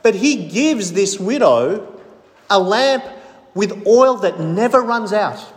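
A man's voice: high voice, lively intonation, takes it slowly, big-room sound. A man preaching a sermon as pastor, emphatic, stressing points in lists.

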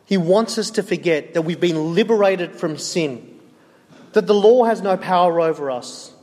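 A man with a high-pitched voice preaches a sermon, earnest and emphatic, driving his points home through repetition. His voice rings out with a long reverb, as if in a large church hall. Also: normal speed, darkish tone.

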